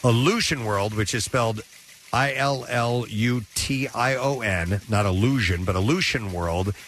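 A man's voice: mid-range voice, unhurried, a bit bright, a little hiss or hum. A man presenting music news on a morning radio show, reading items with stumbles and banter with co-hosts.

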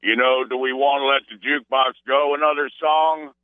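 A man's voice: medium pitch, steady tone, fairly quick, clear, resonant tone, dry recording. Laid-back man on a tinny phone line. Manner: laid-back rambling storyteller. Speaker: caller.

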